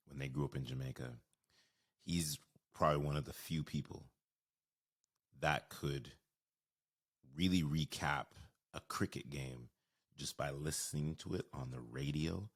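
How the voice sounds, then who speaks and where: Sex: man. Role: podcast host. Pitch: extremely deep. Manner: earnest and measured. Style: interview reflection.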